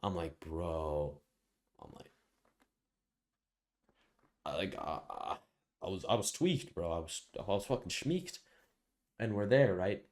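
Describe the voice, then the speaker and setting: A man's voice: low-pitched, very animated, a little slow, pauses often, a little mellow. A young man vlogger telling a rambling, slangy, profanity-heavy story in a casual storytime monologue.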